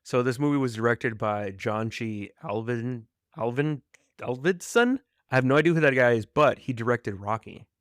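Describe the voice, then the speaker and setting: A man hosting a casual podcast over a video call, chatty and quick to laugh. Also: mid-range voice, fairly bright tone, smooth, dry recording, clean studio sound. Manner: chatty, laughs often, hums along and quotes lines. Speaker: podcast host. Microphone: video call mic.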